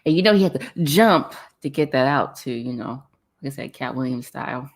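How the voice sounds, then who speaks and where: Talking briskly, a woman with a strikingly deep voice answers viewer comments during a relaxed livestream chat. Her delivery is lively, with frequent bursts of laughter and phrases repeated for emphasis.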